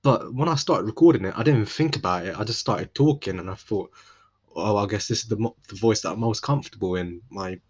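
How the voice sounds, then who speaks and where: A man's voice: fairly low pitch, quick pace, slightly rough. A young man with an East London accent hosting a solo podcast, rambling casually with slang and frequent restarts. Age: young adult. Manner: rambling, self-interrupting, laid-back slang. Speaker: podcast host.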